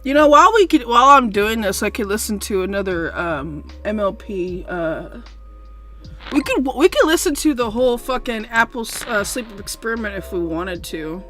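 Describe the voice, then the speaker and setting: A young woman streaming a strategy game, cursing a lot and going from loud frustrated outbursts to quiet rambling explanations. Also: medium pitch, very animated, moderate pace. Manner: swears often, swings from shouting rage to mumbled explaining. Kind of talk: casual gameplay commentary. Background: faint background music.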